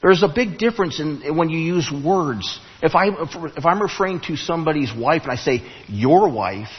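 A man preaching a sermon in a church, telling a story with halting restarts and rising emphasis. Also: a little high, lively intonation, slightly rough. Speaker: pastor. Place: church sanctuary. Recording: muffled, long hall reverb.

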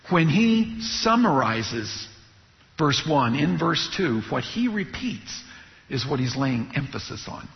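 A man preaching in a slow, deliberate teaching style, voice set a little high for a man. He keeps checking in with rhetorical questions to his listeners. The sound is a touch muffled and rings with the long reverb of a large hall. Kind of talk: expository sermon.

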